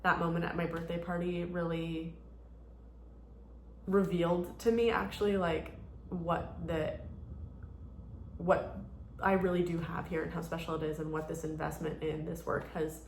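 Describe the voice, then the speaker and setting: Rambly 30ish woman vlogging, kinda low voice, faint room noise. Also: reverberant. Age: around 30. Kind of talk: casual chat.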